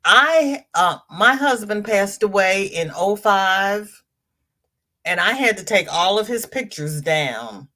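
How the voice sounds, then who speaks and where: Her mid-range voice comes across as bright and forceful, animated yet slow, as this older woman hosts a chatty crochet stream. She reads comments out, welcomes each viewer by name, and repeats phrases for emphasis.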